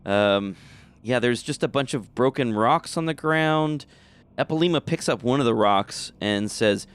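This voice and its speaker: A man running a tabletop game as game master, narrating scenes and calling for rolls in an easygoing, relaxed way. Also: medium pitch, unhurried, clean tone.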